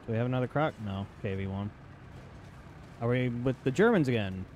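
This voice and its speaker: A man's voice: mid-range voice, lively intonation, fairly quick, long pauses, darkish tone, slight background noise. A man giving casual gameplay commentary, joking and talking to enemy tanks in silly put-on voices. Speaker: gaming channel host.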